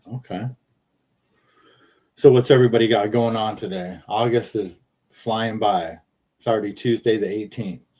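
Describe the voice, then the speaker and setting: A man with a fairly low voice hosts a loose livestream chat, talking into his phone from the car. He rambles from one thing to the next and reads viewer comments aloud with a joking edge. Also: a little mellow, slightly rough. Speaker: livestream host.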